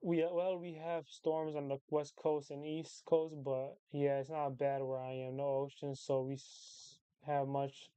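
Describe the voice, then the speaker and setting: Smooth, dry-voiced young man chatting casually. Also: a little high, unhurried, few pauses, dry recording. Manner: rambling, repeats phrases, relaxed slangy talk. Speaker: livestream host chatting with viewers. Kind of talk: casual chat.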